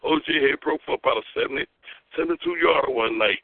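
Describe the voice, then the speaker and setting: Gravelly man rambling over a phone line. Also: medium pitch, fast, dry recording. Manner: rambling, repetitive, shouting taunts. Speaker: chat line caller. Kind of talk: casual phone chat.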